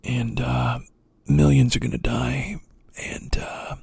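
A man doing a mocking impression of a solemn, self-important male podcaster who speaks in a hushed, half-whispered voice. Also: medium pitch, steady tone, takes it slowly, gravelly, breathy edge, dry recording, full character voice.

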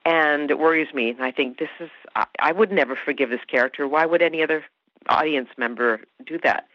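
A woman's voice: deep voice, brisk, no room sound. A woman being interviewed about her acting work, talking emphatically and often restarting her sentences. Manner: animated, emphatic, with many restarts. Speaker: actress guest. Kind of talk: interview conversation. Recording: dull lo-fi sound.

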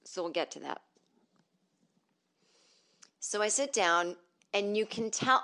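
A woman's voice: medium pitch, animated, slow, long pauses, sharp tone. A middle-aged woman from the northern United States hosting a podcast from home, telling stories in a sarcastic, profane comedic monologue. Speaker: podcast host.

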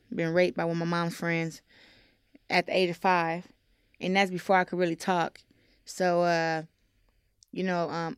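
A young woman giving a candid interview, talking haltingly with many fillers. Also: lowish voice, clean tone, dry recording, studio quality. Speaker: interview guest. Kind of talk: casual interview talk.

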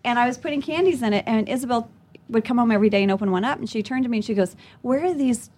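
A woman's voice: a little high, rapid-fire. A woman in her forties, from Louisiana, telling a funny story in casual chat and acting out the quotes. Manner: animated storyteller, acts out quotes.

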